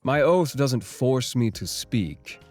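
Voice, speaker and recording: An actor playing an aloof, haughty Grim Reaper with a formal, dry, sardonic way of talking in a video game. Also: male voice, medium pitch, expressive, slow, a little mellow, faint music behind.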